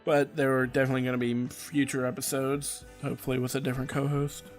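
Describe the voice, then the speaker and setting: A man's voice: medium pitch, little pitch movement, fast, faint music behind. A man hosting a casual podcast, chatting and teasing his co-host. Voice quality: teasing, joking banter.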